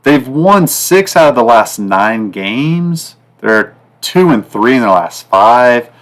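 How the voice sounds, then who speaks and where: A man hosting a sports betting podcast in a loose, rambling way, full of fillers and repeats, with sudden jumps up and down in pitch and loudness. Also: sing-song, slow. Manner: rambling, repetitive, fillers like "like" and "guys"; pitch and loudness swing up and down from line to line. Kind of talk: casual betting talk.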